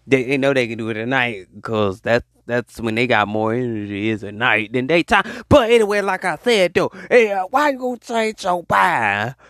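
A man hosting a podcast, ranting in an animated, preachy monologue, repeating his points. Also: medium pitch, normal speed, hardly any pauses, dry recording, studio quality. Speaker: podcast host.

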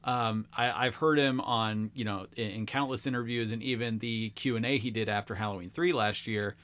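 A man co-hosting a podcast, speaking in a relaxed, casual way. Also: lowish voice, moderate pace. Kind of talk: casual chat.

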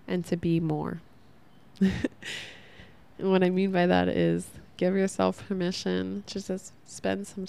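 A woman's voice: lowish voice, gravelly, mellow. A young woman hosting a casual spiritual self-help podcast, rambling earnestly with lots of "like" and laughing at herself. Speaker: podcast host.

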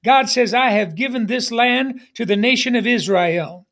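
A man's voice: very high-pitched, moderate pace, a bit bright. A middle-aged man preaching a sermon as pastor, emphatic, with repeated refrains and calls for the congregation to respond.

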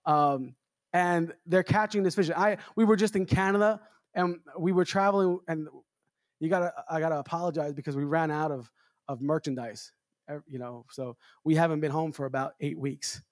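A man's voice: moderate pace, dry recording, studio quality. An American man preaching a storytelling sermon at a church revival, joking and acting out the voices in his story. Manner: animated, jokey, acts out quotes with big pitch jumps. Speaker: evangelist preacher.

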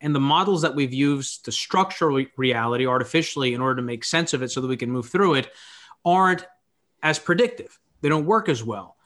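Man, average pitch, musing, philosophical, conversational. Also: expressive, fairly quick, a bit bright. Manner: musing, philosophical, thinks aloud. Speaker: podcast creator as guest. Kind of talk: reflective conversational talk.

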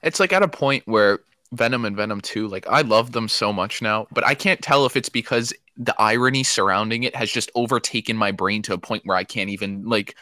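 Bright, fast young man rambling. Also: lowish voice, no room sound, studio quality. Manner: rambling, heavy use of "like", enthusiastic. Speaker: podcast co-host. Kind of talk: casual chat.

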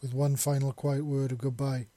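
Male narrator, warm dark tone, dry close sound, reads fiction and acts out the lines. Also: mid-range voice, flat delivery, moderate pace, no echo. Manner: acts out dialogue, shouting in grief scenes. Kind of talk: dramatic story reading.

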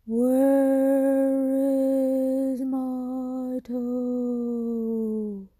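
A woman voicing a ghostly creature hunting for its missing toe, groaning its words out very slowly. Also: sits high, flat delivery, dark tone, slightly rough, dry recording, studio quality, voice pushed up, exaggerated voice. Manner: drawn-out, very slow groaning.

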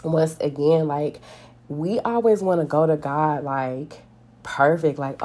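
A woman's voice: low voice, takes it slowly, mellow. A woman giving an earnest, conversational devotional talk, reading scripture and speaking plainly, with many "like" fillers.

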